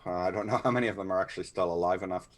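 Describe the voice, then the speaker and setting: A man with a lowish voice takes part in a tabletop game. He thinks his way through plans aloud and asks questions to steer the group. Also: rapid-fire. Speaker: player. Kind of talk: tabletop role-play talk.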